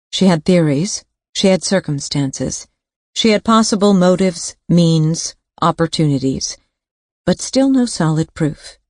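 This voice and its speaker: A woman narrating a thriller audiobook in a measured, suspenseful reading. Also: low voice, a little mellow, dry recording, clean studio sound.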